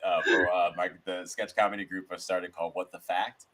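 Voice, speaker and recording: Deep-voiced man telling rambling stories. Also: level tone, a little fast, crowd noise. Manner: rambling, storytelling with restarts. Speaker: guest, sketch comedian. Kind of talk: casual interview chat.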